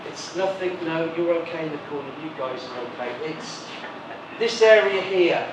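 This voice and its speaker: A man's voice: fairly high pitch, a little fast. A male comedy club host doing teasing crowd work at a live venue, with flu. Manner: cheeky, teasing banter with the audience. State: has flu. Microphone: stage microphone. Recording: echoey venue from far off, noisy.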